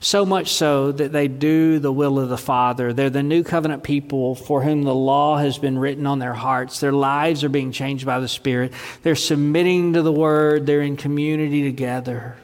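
A pastor preaching a sermon, swinging between loud proclaiming and hushed near-whispers. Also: male voice, medium pitch, fairly even intonation, moderate pace. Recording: long reverb of a large hall.

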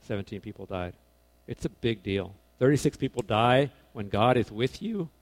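A man giving a relaxed, conversational sermon to a young crowd. His voice sits at a middle pitch, jumping from loud, stressed points to hushed asides. He talks informally and corrects himself mid-sentence. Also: moderate pace. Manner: animated, swings between loud emphasis and quiet asides; casual, self-correcting, informal phrasing. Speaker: preacher.

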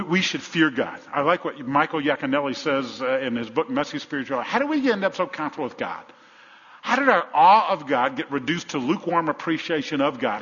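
A man preaching a sermon as pastor, dramatic, swinging between hushed and loud delivery. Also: fairly high pitch. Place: church sanctuary. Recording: dull, long-reverb church hall.

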